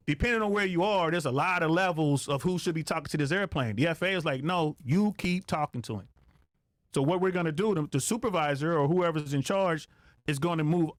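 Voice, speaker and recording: A man's voice: fairly high pitch, no echo, clean studio sound. A man, a podcast guest who works as an air traffic controller, telling stories casually with lots of swearing and acting out radio calls. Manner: profane, animated, acts out radio calls.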